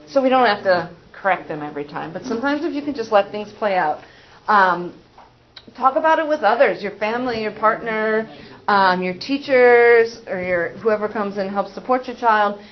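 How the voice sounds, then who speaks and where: A school psychologist presenting a parent training in a casual, conversational way, with frequent fillers and acted-out examples. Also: female voice, medium pitch, lively intonation, moderate pace. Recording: dull, muffled sound.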